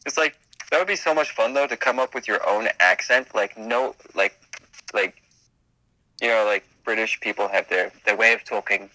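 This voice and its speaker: A man co-hosting a casual podcast chat. He jokes, swears and slips into quick silly voices. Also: lowish voice, pushed and bright, poor audio. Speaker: podcast co-host.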